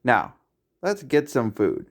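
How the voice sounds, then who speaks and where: A man's voice: mid-range voice, huge pitch swings, takes it slowly, full character voice. A man voicing a caring, anxious young female macaw in a fan-made audio story, fretting and soothing. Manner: fretful, soothing.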